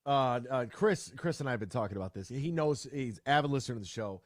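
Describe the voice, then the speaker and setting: A man hosting a sports talk radio show, ranting in a fired-up way with quick repeated restarts, into a studio microphone. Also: mid-range voice, expressive, no echo.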